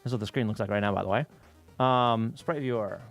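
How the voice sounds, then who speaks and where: A man's voice: lowish voice, brisk, vocal fry, faint music behind. A man live-streaming while reverse engineering game code, chatting casually and rambling, with frequent swearing, laughter and restarts.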